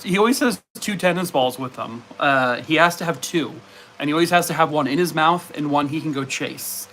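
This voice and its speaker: A man's voice: on the high side, moderate pace, bright, forceful tone, slight background noise. A man chatting casually with viewers on his live stream, reading comments and answering questions. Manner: chatty, talks to his pets in a cooing voice.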